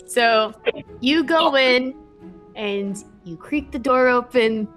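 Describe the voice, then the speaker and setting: A woman narrating a tabletop game as game master, animated and quick to laugh. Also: on the high side, faint music behind.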